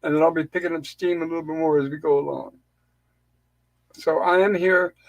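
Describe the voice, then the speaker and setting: A man's voice: a little high, steady tone, fairly quick, vocal fry, dry recording, low-quality recording. A man hosting a live stream in casual chat, his voice a little weak, easygoing and jokey with his co-hosts over a remote call. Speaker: livestream host. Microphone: remote call on a streaming panel.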